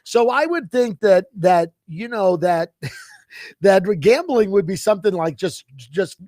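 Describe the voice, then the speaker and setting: High-voiced man joking on a sports show. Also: lively intonation, takes it slowly, darkish tone, no echo, clean studio sound. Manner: playful, jokey, teasing. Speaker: co-host. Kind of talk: casual sports talk show banter. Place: radio studio.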